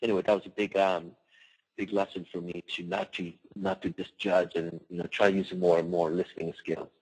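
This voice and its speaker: A man's voice: low-pitched, level tone, fairly quick, darkish tone, slightly rough, rough recording. A man who runs a martial arts studio gives a casual webinar talk on running a business, telling personal stories in a loose, conversational way full of "you know".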